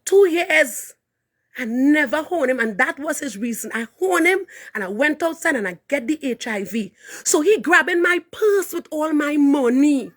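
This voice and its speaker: A woman with a Trinidadian accent who is a minister, giving an impassioned live testimony with fervent, preaching delivery that rises to shouts. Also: high-pitched, animated, normal speed. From Trinidad and Tobago. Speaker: minister and hairdresser.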